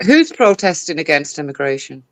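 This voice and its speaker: A woman's voice: low voice, very animated, normal speed, dry recording. A woman on a live podcast panel, arguing bluntly and sounding exasperated. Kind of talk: heated live podcast debate.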